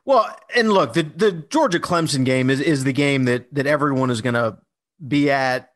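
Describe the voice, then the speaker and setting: A man's voice: mid-range voice, moderate pace, a bit bright. A man co-hosting a podcast in casual chat, talking loosely with many fillers and restarts. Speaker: podcast co-host.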